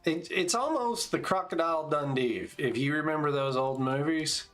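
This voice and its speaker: A man's voice: fairly high pitch, animated, moderate pace, fairly bright tone, soft background music. Laid-back man streamer, chatty. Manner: laid-back, chatty, calls out tactics between stories. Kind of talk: casual gameplay commentary.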